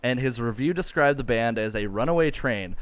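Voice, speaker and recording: A man hosting a casual comedy podcast, rambling through his stories with plenty of "uh"s. His voice is smooth and clean, and it sounds close and dry, with no room echo. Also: medium pitch, expressive, a little fast. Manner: loose storytelling with many fillers.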